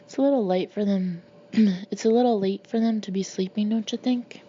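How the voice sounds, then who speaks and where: A woman voicing a blunt, bossy old father who talks in a gruff, matter-of-fact way, in a storybook reading. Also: mid-range voice, brisk, dark tone, lo-fi sound, close to an everyday voice. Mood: chatty.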